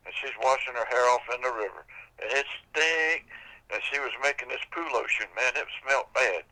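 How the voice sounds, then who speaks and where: Bright-voiced older man telling a folk tale. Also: medium pitch, moderate pace, rough recording. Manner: folksy, casual, drawling storytelling. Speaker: storyteller.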